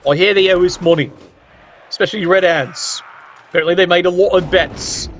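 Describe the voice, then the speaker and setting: A man commentating a video game match, tossing in sardonic quips and letting his voice leap upward for effect. His speaking voice sits high for a man. The recording sounds a little dull and muffled, with a faint hiss running underneath. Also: steady tone, brisk, fairly bright tone. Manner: cheeky, sardonic asides with sudden pitch jumps.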